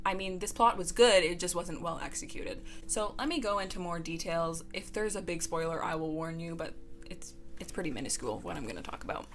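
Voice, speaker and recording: A young woman vlogger rants through a book review with exasperated sarcasm, leaning on "like" between her complaints. Her voice is bright and forward. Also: on the low side, slight background noise. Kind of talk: ranting book review vlog.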